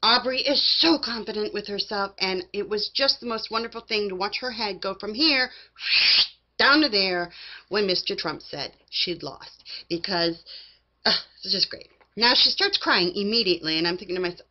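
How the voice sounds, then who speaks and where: A woman with a mid-pitched voice recaps reality TV in a sassy, mocking tone. She acts out other people's lines as she talks. The recording sounds slightly dull and lo-fi. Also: moderate pace. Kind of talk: casual opinionated recap.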